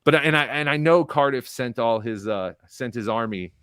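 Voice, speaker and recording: A man's voice: mid-range voice, normal speed, fairly bright tone, clean tone, no room sound, studio quality. A man guesting on a casual live-stream interview, a rambling, profane comedian who tells long anecdotes.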